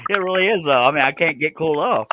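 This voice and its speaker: A man's voice: fairly high pitch, muffled recording, heavy background noise. A man hosts a casual scroll saw livestream, folksy and self-deprecating, laughing often. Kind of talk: casual chat.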